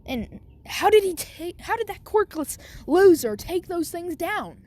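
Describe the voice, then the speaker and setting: A woman's voice: very high voice, big pitch swings, measured pace, mellow, pitched above the performer's own voice, exaggerated voice. A woman voicing a hot-tempered teenage boy rival who sneers in disbelief. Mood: scornful.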